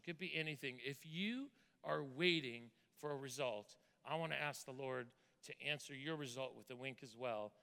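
Guy preaching in a big echoey church, earnest, smooth and crisp voice. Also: mid-range voice, bright, forceful tone. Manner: earnest storytelling, repeats words when moved. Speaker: pastor. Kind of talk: sermon with testimony and prayer. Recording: reverberant hall sound.

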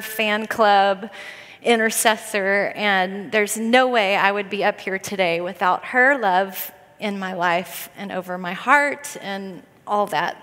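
A woman's voice: a little high, bright, forceful tone. A middle-aged woman from the American South with a Southern accent, speaking at a conference in a chatty, storytelling way and laughing often. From Southern United States. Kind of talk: conference talk from a stage. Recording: long reverb of a large hall.

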